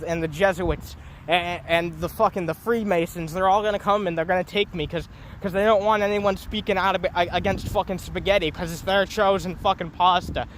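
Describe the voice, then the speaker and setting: A man's voice: high voice, a little hiss or hum. A young man ranting into his phone on a solo livestream, rambling, profane and mocking himself. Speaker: streamer.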